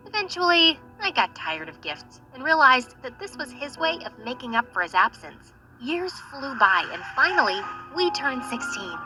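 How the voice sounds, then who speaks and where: A young woman narrating an animated story in a chatty, wry way, with faint music behind. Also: on the high side, low-quality recording.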